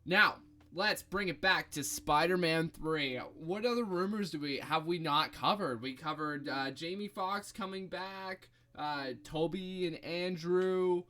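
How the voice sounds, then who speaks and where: A young man co-hosting a casual podcast chat, animated and thinking aloud with fillers as he goes. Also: on the high side, a little slow. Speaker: podcast co-host.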